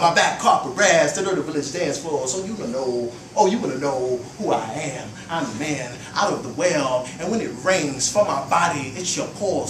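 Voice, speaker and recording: A man performing spoken-word poetry at an open mic, rhythmic and swinging from hushed lines to loud chants. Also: mid-range voice, noisy background. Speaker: performance poet. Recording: roomy live recording from a distance.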